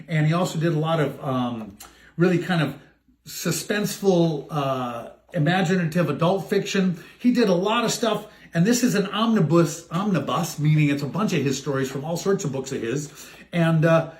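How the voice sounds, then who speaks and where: A man reading a poem story aloud in a playful, animated way, breaking off for excited asides. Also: fairly high pitch, roomy sound.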